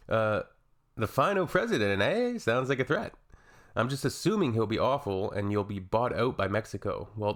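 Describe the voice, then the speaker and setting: A Canadian man with a lowish voice hosts a casual reaction video. He reads comments out loud and responds with dry, sarcastic jokes.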